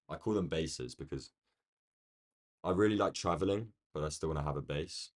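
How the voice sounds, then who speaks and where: A man with a London accent chatting casually on a live stream, rambling along and answering viewers' comments from a quiet room. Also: sits low, fairly quick. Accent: London English. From United Kingdom. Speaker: day-trading live streamer.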